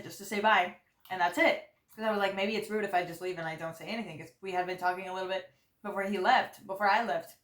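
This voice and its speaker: In an echoey room, a young adult vlogger with a mid-range, slightly bright voice chats casually while eating. She tells a loose, rambling story full of "like" fillers.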